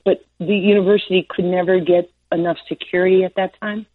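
A woman in her sixties, a former basketball player from New York, tells stories in an interview. She laughs often and does the voices of the people she quotes. Her voice is husky and comes through like a thin phone line. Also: fairly low pitch, steady tone, brisk. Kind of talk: storytelling interview. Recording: tinny phone-line sound.

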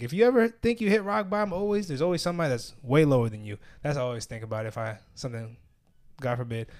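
Young man, podcast host, casual slang-heavy chat, laughs a lot, mid-pitched voice. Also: darkish tone. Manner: loose slang-heavy storytelling, laughs often.

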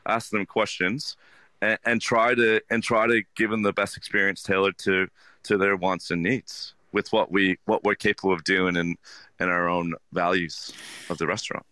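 A man, a restaurant owner, talking earnestly in an interview, halting with many restarts. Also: sits low, level tone, bright, forceful tone, dry recording. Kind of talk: casual interview talk.

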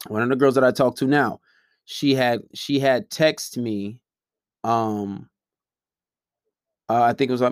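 A man's voice: medium pitch, dry recording, clean studio sound. A man giving blunt, profane relationship advice in a casual, lecturing monologue.

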